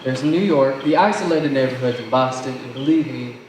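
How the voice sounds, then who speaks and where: A teenage boy playing a wordy, sardonic young man in a high school stage play, talking in a theatrical way. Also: brisk, a little mellow, close to an everyday voice. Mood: insistent. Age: teens. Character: fast-talking self-assured young man courting. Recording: roomy, distant mic, faint noise.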